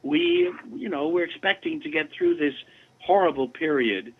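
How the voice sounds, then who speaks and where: Animated older man on a tinny line. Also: sits high, normal speed, vocal fry, husky. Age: 70s. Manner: animated, chatty anecdotes. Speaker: guest voice actor. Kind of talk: casual interview storytelling.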